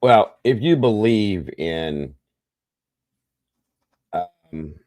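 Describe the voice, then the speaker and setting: A man's voice: fairly low pitch, animated, drawn-out words, a little mellow, no room sound. A man hosting a live stream, chatting casually with his viewers and often calling them guys, while he has the hiccups.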